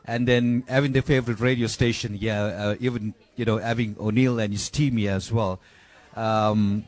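A man's voice: fairly low pitch, fairly even intonation, moderate pace, a little mellow. A man answering an interview question in a casual, rambling way, filling his sentences with "you know". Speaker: guest.

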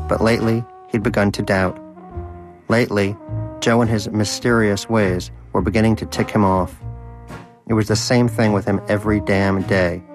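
Low-voiced man reading a story. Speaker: narrator. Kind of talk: storybook narration.

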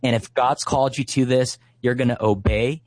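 A man in his thirties tells a story of faith in an earnest, heartfelt way, often pausing with "uh" and "you know". His voice sits at an ordinary middle pitch. It is recorded dry, with no room sound. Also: steady tone, a little mellow, no room sound. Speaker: ministry leader and guest.

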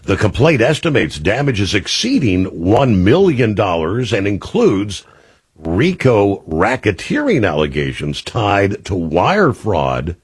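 Husky deep-voiced male talk radio host. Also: no room sound. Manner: conversational, opinionated asides, frequent "uh" fillers. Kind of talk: talk radio news commentary.

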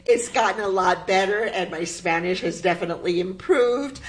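A woman's voice: medium pitch, normal speed, slight background noise, low-quality recording. A woman whose family is Cuban, telling family stories in a conversational interview as a guest and acting out the voices she quotes. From United States, Cuban family. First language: English. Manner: animated, acts out quoted voices.

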